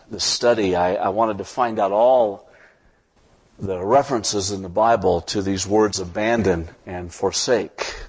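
A man's voice: lowish voice, slightly rough. A male pastor preaching a sermon, reading scripture aloud and building to impassioned emphasis.

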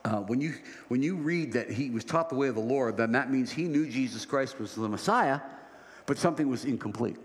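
A man preaching a sermon as pastor, conversational, often checking in with "right?". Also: mid-range voice. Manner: conversational, repeats "right?" for emphasis. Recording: reverberant hall, faint ambience.

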